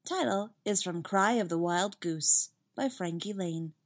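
A woman reading a fan story aloud with lively, expressive narration. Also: fairly low pitch, a little slow. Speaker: fanfiction reader.

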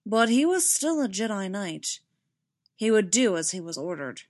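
A woman narrating a work of fiction in an even, measured reading voice. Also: medium pitch.

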